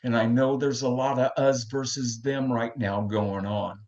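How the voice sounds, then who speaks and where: A calm, gentle elderly woman speaks in a hushed near-whisper, as a man with a gravelly voice puts her on. The sound is dull and lo-fi. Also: mid-range voice, unhurried, lightly acted. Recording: dull lo-fi recording.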